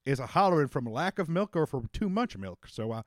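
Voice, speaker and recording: A man voicing a fussy, chinless male soda clerk behind a counter, speaking with slow, prim shopkeeper politeness, recorded dry and close. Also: fairly high pitch, sing-song, dry recording.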